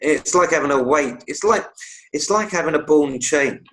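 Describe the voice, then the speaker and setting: A man's voice: fairly high pitch, expressive, moderate pace, a bit bright, a little hiss or hum, low-quality recording. A man co-hosting a podcast, talking in a reflective, philosophizing way. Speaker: podcast co-host. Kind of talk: casual podcast chat.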